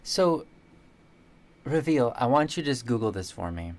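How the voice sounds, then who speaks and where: A woman's voice: rumbling low, sing-song, normal speed, a little mellow. A laid-back American woman from Michigan chatting on a stream and reading chat aloud. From Michigan, USA. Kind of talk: casual chat.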